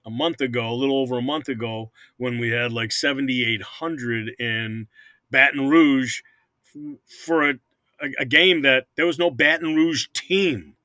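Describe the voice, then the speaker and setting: An older man talks at length about running his hockey teams, his voice bright and forceful. He rambles and stumbles over repeated words in a casual interview. The sound is dry and close, with no room around it. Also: mid-range voice, no echo. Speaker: hockey team owner.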